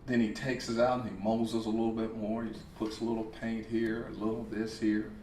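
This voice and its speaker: A man voicing a talking teapot that sounds like an older mother, telling its story slowly and quietly in an echoey hall. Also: fairly low pitch, level tone, a little hiss or hum, voice pushed down, lightly acted. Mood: proud. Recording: echoey hall, speaker far from mic.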